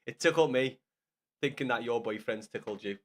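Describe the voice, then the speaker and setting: On his live gaming stream, a young man chats casually with viewers at normal speed and medium pitch. He swears a lot and trades loud banter with chat.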